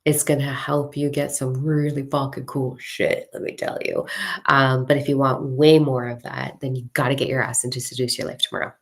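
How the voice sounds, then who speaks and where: A woman coaching a live audience in a very low voice with a gravelly edge. She speaks frankly and casually, with the odd swear word, and she draws out her words when reading a mantra. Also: level tone, moderate pace. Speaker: spiritual coach. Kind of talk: casual livestream talk.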